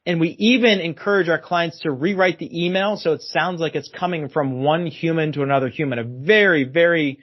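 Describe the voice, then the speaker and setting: A man's voice: fairly high pitch, fairly quick, few pauses. A man as a guest expert on a podcast interview, explaining at length and emphatically repeating his key phrases. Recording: dull lo-fi sound.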